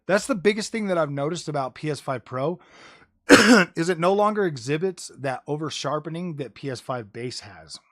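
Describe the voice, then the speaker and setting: A gaming streamer with a fairly high, expressive voice rambles at a moderate pace about game consoles during a casual livestream. He's jokey, slips into mocking voices, says "dude" and "bro" a lot and curses now and then.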